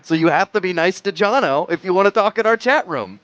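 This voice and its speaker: A man's voice: high voice, animated, brisk, fairly bright tone, no echo, dull audio. A man hosting a casual live stream, talking loosely and swearing freely. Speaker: host. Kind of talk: casual chat.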